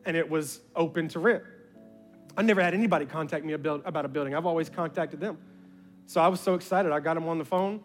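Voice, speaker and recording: A male pastor telling a story from the pulpit in an animated way, acting out conversations with bursts of excitement. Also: fairly high pitch, quick pace, faint music behind. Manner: animated, acts out dialogue with rising excitement. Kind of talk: sermon storytelling.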